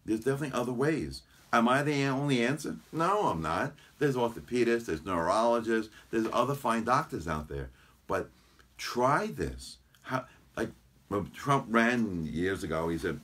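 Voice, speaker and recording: A man, a chiropractor, chatting as an interview guest and telling lively stories about his patients. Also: mid-range voice, measured pace. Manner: animated anecdotes, quotes patients in voices. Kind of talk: casual interview storytelling.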